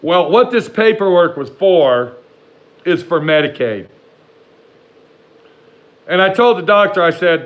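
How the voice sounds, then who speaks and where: A man telling a rambling personal story to the camera in a casual, animated way, swearing freely and talking back to imagined critics. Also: high-pitched, rough recording. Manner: profane, rambling, talks back to imagined haters; animated, jumps between slow emphasis and rushed asides.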